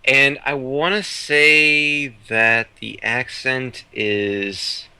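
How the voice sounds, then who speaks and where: A man's voice: medium pitch, steady tone, very slow, bright, forceful tone, clean tone, no room sound, low-quality recording. A man playing along as a quiz contestant on a podcast, hesitant and rambling in his answers. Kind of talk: casual podcast banter.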